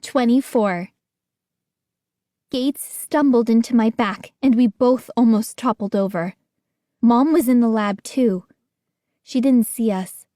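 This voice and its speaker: A woman's voice: fairly high pitch, slow pace, pauses often, mellow, no room sound, clean studio sound. A woman narrating an audiobook as scripted story narration, acting out a frightened young narrator and the other characters.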